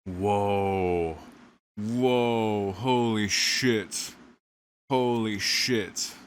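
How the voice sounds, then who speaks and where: A man's voice: on the low side, extremely slow, smooth. A young man streaming a visual novel, reading lines aloud and reacting, shaken, rambling and swearing. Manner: rambling, swearing, many fillers. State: shaken, dizzy.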